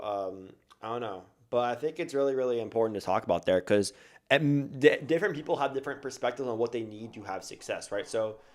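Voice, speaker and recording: A man streaming a reaction to a video, thinking aloud in a casual way with lots of fillers. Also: medium pitch.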